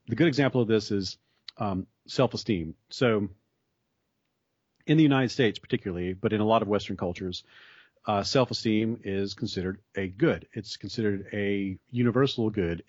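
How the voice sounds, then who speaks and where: A man with a lowish voice talks through an idea carefully, often restarting his sentences as he thinks. The recording is dry and a bit muffled. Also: a little mellow, husky, dry recording. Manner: thoughtful, explaining with frequent restarts. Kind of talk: explanatory conversation. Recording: dry, slightly dull sound.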